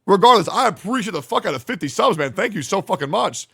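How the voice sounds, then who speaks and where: A man streaming live, reacting to a video and reading viewer comments aloud in a joking, profane way that swings between loud hype and low mumbling. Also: lively intonation, fast, vocal fry, husky. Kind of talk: casual livestream reaction chat.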